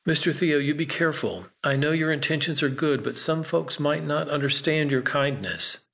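Male narrator doing a friendly calm guy, easy and reassuring. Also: on the high side, moderate pace, creaky. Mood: kind, reassuring. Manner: easygoing, reassuring. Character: calm, friendly grown man who looks out for others.

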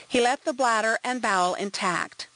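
Calm medical examiner, explanatory and even; woman reader's own voice. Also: on the high side, normal speed, no echo, close to an everyday voice, poor audio. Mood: clinical.

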